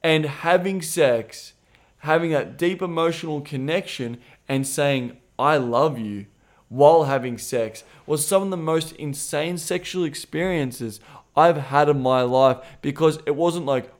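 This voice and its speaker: A man co-hosting a podcast, speaking candidly and swearing freely as he acts out conversations with animated voices. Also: fairly high pitch, measured pace. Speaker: podcast co-host. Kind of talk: casual podcast chat.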